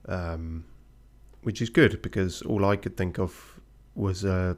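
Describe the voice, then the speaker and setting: Dry low-voiced man streaming a game. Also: slow pace. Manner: dry, self-mocking, hesitant with many fillers. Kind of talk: casual let's-play commentary.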